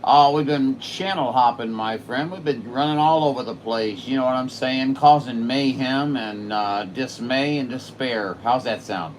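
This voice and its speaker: A man on his home radio setup, chatting excitedly on the air with a distant station. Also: medium pitch, unhurried, hardly any pauses, a crowd in the background. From Saint Louis, Missouri. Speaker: radio operator streaming live. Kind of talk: casual radio chat.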